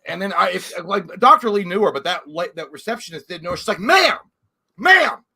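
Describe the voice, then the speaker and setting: A man's voice: sits high, fast, creaky, sharp tone, husky. A man co-hosting a casual live-stream chat, telling a story with lots of swearing and acted-out voices. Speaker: podcast co-host.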